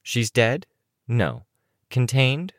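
An audiobook reader voicing a sly, smug young woman who speaks smoothly and wryly. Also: mid-range voice, sing-song, very slow, no echo, clean studio sound, pitched above the performer's own voice. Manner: wry, smooth and knowing.

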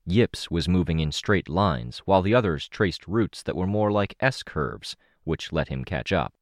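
Audiobook narrator, man, very deep voice, dry close sound, measured reading. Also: animated, no room sound. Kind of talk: first-person audiobook narration.

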